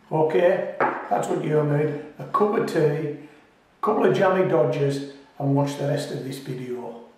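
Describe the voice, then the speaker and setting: A man's voice: on the high side, darkish tone. A man from the United Kingdom hosting a gardening channel, chatting casually and reassuringly, joking and laughing at himself, sometimes with his mouth full. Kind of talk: casual friendly how-to talk. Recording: very echoey, voice from a distance.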